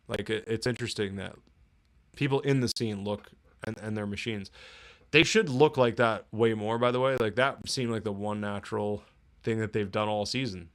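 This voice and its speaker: Exasperated man ranting about a show. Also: on the low side. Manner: sarcastic, exasperated, mocking impressions. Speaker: TV review podcaster. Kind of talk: casual solo review rant.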